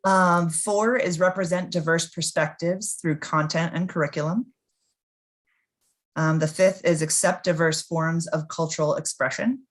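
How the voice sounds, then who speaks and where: A woman moderating a casual conversation. She speaks calmly and in a measured way, reading items off a list. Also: lowish voice.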